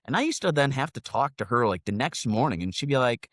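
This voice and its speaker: Animated, swearing American man telling stories. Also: medium pitch, fast, dry recording, studio quality. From United States. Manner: profane, rambling, animated storytelling. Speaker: podcast co-host. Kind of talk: casual storytelling chat.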